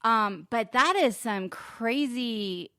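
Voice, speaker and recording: A woman's voice: on the high side, animated, slow pace, a bit bright, no room sound, studio quality. A middle-aged woman co-hosting a podcast, chatting casually and playfully, laughing often and riffing on accents. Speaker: podcast co-host. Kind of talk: casual chat.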